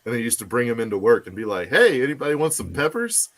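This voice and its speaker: A man with a middle-pitched voice at a round table. He jokes about himself in a relaxed, casual way. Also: fast. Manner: joking, self-mocking. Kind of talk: casual chat.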